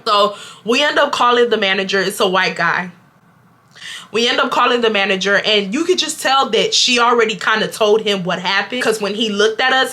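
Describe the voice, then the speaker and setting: Bright-voiced young woman telling a storytime. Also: mid-range voice. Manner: animated, slangy, talks straight to viewers. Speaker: vlogger. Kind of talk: storytime chat to camera.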